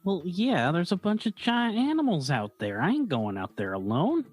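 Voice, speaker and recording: A man's voice: sits high, big pitch swings, normal speed, faint music behind, voice pushed up. A man playing a plain-spoken army private, talking in a folksy, rambling drawl full of fillers.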